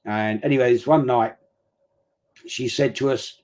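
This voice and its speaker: A man's voice: mid-range voice, fairly even intonation, unhurried, a little mellow. A middle-aged man, chatting casually and telling rambling stories while streaming a football match. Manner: chatty rambling storyteller, blokey slang. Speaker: watch-along streamer. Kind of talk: casual live chat during a football match.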